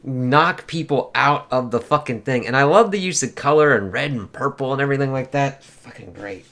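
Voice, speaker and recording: A man's voice: medium pitch, moderate pace, fairly bright tone. Guy rambling through a comic review, swears a lot, lots of um and like. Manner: loose, profane, with frequent fillers. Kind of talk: casual spoken review.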